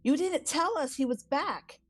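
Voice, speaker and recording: A woman voicing a furious young woman in a tabletop game, speaking slowly and bitingly as she accuses. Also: high-pitched, lively intonation, no echo, pitched above the performer's own voice. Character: furious young woman confronting her father.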